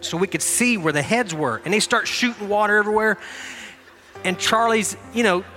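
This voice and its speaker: A middle-aged man pastor preaching a sermon, telling a lively personal story with shouted bursts and then easing into quiet prayer. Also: high-pitched, normal speed, pauses often. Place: church sanctuary. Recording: long hall reverb with faint music.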